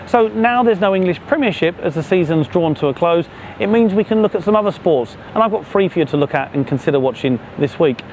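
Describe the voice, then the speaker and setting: Man, co-host, casual promo chat, a bit high-pitched, faint traffic behind. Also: darkish tone. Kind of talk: casual chat show banter.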